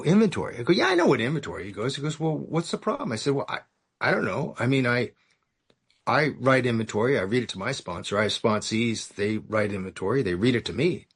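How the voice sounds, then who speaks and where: Guy sharing his story at a recovery meeting, raspy gravelly voice, wry and sarcastic about himself. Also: on the low side, a bit bright. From California. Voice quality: gravelly, husky. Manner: self-mocking, sarcastic, acts out dialogue in his story.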